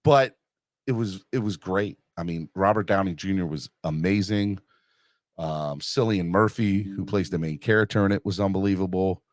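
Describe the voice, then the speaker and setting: A man's voice: deep voice, moderate pace, no room sound, studio quality. A middle-aged man hosting a podcast, chatting casually and rambling with fillers and restarts while reading live comments. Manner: rambling, self-deprecating, many fillers and restarts. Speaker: podcast host.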